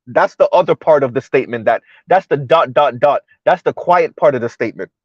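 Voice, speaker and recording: A man's voice: mid-range voice, animated, brisk, no echo, lo-fi sound. A man hosting a livestream of political commentary, talking emphatically and checking in with the audience by asking "right?" again and again. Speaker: livestream host.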